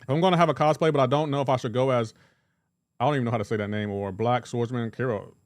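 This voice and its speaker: A male game streamer talks casually on a livestream, rambling through jokes and calling out chat viewers by name. His voice sits at an ordinary middle pitch. The recording is dry and close, with no room echo. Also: fairly even intonation, fast talker.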